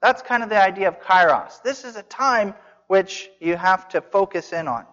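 A man's voice: high voice, expressive, normal speed, a bit bright. A man preaching an expository sermon, earnest and emphatic, repeating phrases for stress. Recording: dull sound with long hall reverb.

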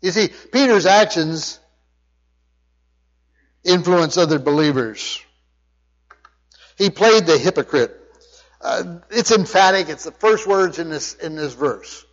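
Male pastor, higher voice, emphatic sermon delivery with restarts; muffled recording with long hall echo. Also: lively intonation, slow pace, pauses often. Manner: emphatic preaching with frequent restarts and word study. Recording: dull sound with long hall reverb.

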